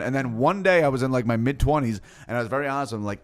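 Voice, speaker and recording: A man, a comedian co-hosting a podcast, telling dark stories in casual, profane, deadpan chat. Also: medium pitch, fast, hardly any pauses, clean tone.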